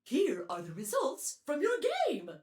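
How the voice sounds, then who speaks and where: A performer voicing a showy, cartoonish rabbit AI announcer in a video game, with a slow, sing-song delivery. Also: mid-range voice, wildly swooping pitch.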